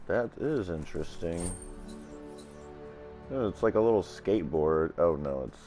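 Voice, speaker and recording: A sleepy man, just out of bed, plays a video game and casually comments, thinking aloud and reacting as he goes. His deep voice is warm and expressive, a little slow, with faint music behind him.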